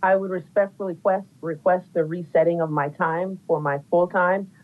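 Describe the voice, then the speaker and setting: A woman's voice: fairly low pitch, steady tone, moderate pace. A woman commissioner testifying at a council hearing, formal and emphatic. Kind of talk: public testimony. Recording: tinny phone-line audio.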